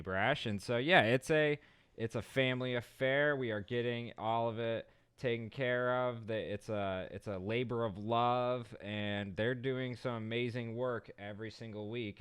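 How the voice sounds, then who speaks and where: A man's voice: on the low side, clear, resonant tone, no room sound, clean studio sound. A man co-hosting a casual comedy chat show with his partner, upbeat and chatty. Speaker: co-host. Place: Los Angeles home.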